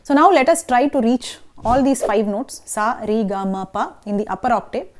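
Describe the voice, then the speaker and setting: A woman's voice: fairly high pitch, normal speed. A woman with an Indian English accent teaching a singing lesson, explaining technique and checking in with the listener. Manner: instructive, checks in with listeners often. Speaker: vocal teacher.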